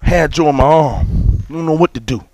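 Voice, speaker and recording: A man, preaching a sermon as a story, acting out scenes and repeating words when excited. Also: a little high, fairly quick, no room sound, poor audio.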